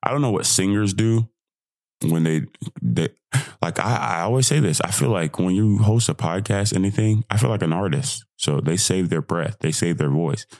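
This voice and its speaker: A young man with a hoarse voice, hosting a casual solo podcast, bursting into excited shouts and dropping back into calm reflection. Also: low voice, normal speed, dry recording, clean studio sound. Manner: excitable, swings from hyped shouting to quiet reflection. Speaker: podcast host.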